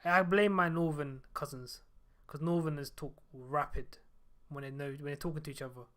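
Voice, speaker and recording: A man hosting a casual podcast, talking in a rapid, slangy way that keeps cutting into itself. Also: a little high, fairly even intonation, a bit bright. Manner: rapid, slangy, self-interrupting. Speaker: podcast host. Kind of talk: casual chat.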